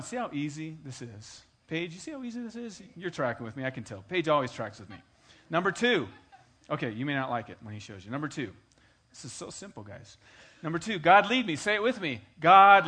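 A man preaching a sermon, moving between conversational storytelling and loud, emphatic exhortation, calling on his congregation to answer back. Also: on the high side, slightly rough. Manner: emphatic, engages the congregation with call and response. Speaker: pastor.

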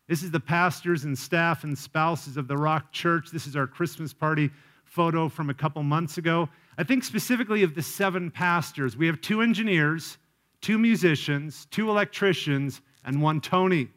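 A man's voice: fairly high pitch, normal speed, fairly bright tone. A man preaching a sermon as pastor, earnest and personal, often asking the congregation direct questions.

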